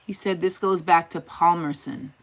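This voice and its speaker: A woman's voice: fairly low pitch, steady tone, moderate pace. A woman hosting a casual livestream, thinking aloud and talking directly to her chat. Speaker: host.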